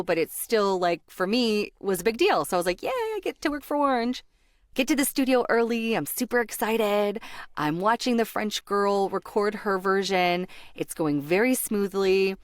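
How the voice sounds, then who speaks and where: A bubbly young woman with an American accent tells a work story, laughing along the way. Her pitch sits in the middle and her voice sounds close and dry. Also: a little fast, no room sound. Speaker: voice actor sharing a story. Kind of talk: casual storytelling.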